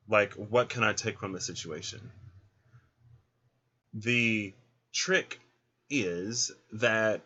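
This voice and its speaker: A man's voice: on the low side, pushed and bright. A man giving a casual card reading, chatty and thinking aloud as he goes. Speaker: card reader. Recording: dull lo-fi recording.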